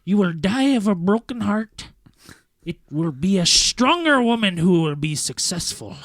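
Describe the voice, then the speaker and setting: Guy doing a creaky-high old blind palm reader voice, slow and stern, kinda doom-y. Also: very animated, fairly bright tone, no room sound, studio quality, exaggerated voice. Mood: ominous.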